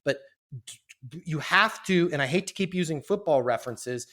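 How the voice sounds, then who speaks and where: A man's voice: a little high, lively intonation, moderate pace, pushed and bright. Fired-up man coaching on a podcast. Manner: emphatic, punchy, casual swearing. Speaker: sales coach guest. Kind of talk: energetic podcast teaching.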